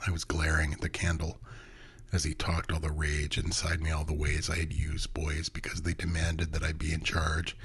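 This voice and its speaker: A man narrating a first-person story in an intimate, hushed way, often dropping to a whisper. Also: rumbling low, slightly rough.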